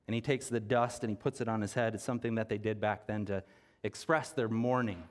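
A man's voice: on the low side, steady tone, brisk. A man preaching a sermon as pastor, speaking earnestly with restarts and repeated words. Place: church sanctuary.

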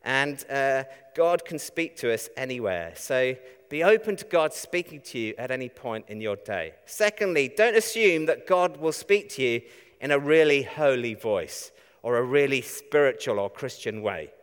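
A man's voice: mid-range voice, animated, moderate pace, clear, resonant tone. A man giving a sermon in a conversational way, often asking the congregation rhetorical questions. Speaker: preacher. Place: church. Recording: echoey church hall.

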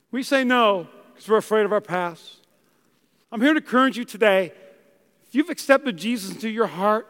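A man's voice: sits high, fairly bright tone, clear, resonant tone, long reverb tail. A young man preaching a sermon in a church, telling stories and acting out voices as he goes. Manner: storytelling preacher, acts out voices. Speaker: pastor. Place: church hall.

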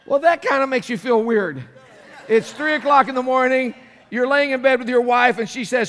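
High-voiced pastor preaching in a reverberant hall. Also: male voice, moderate pace. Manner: animated preaching, swinging between loud and hushed. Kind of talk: sermon. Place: church sanctuary. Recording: long reverb of a large hall.

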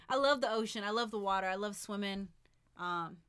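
Bubbly young woman, smooth clear voice. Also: mid-range voice, measured pace, fairly bright tone. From Oklahoma, grew up in military bases. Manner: bubbly, laughs often, teasing. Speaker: podcast co-host. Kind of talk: casual podcast chat.

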